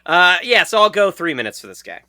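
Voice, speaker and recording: A man co-hosts a comedy podcast with a bright, gravelly voice. He rambles and jokes his way through his thoughts. The sound is close and dry. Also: high voice, sing-song, quick pace, dry recording. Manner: joking, rambling. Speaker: podcast co-host. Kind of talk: casual comedy podcast chat.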